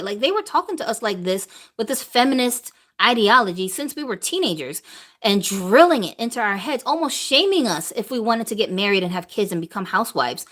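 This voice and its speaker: A woman in her thirties, a doll collector answering questions in a blunt, animated, opinionated live monologue. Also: medium pitch, moderate pace.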